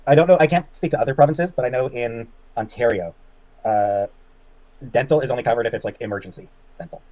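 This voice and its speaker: A man chatting as a livestream guest, answering viewer comments in a halting way with many fillers and trailing off quietly. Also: mid-range voice. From Canada. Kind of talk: casual chat reading viewer comments.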